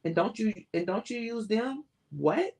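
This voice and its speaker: A woman's voice: fairly high pitch, expressive, unhurried, darkish tone, poor audio. A woman reading the lines of a blunt young singer who pushes back against her fiancé. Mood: challenging. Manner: blunt and challenging.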